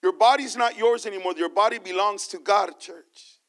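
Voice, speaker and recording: A man's voice: high voice, normal speed, a bit bright. A man preaching a sermon as pastor, calling out to the church and reading scripture with emphasis. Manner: preaching with call-and-response to the church.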